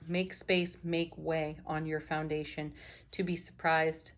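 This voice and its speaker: A woman's voice: sits low, flat delivery, slow, long pauses. A middle-aged woman giving an enthusiastic, affirming spiritual tarot reading. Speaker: tarot reader.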